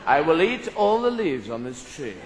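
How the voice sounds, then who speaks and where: Bloke doing a giraffe trying to sound evil, solemn and slow, echoey hall with crowd noise. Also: male voice, a little high, very animated, pitched below the performer's own voice. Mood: mock-sinister. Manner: slow, solemn and mock-sinister. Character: would-be evil male giraffe.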